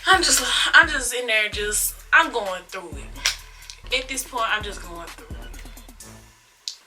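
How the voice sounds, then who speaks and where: A young woman of eighteen talks straight to her viewers, taking her time and drawing her words out in an expressive, casual storytime. Her voice is very bright and sits a little high. Faint music plays softly behind her. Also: takes it slowly. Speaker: vlogger.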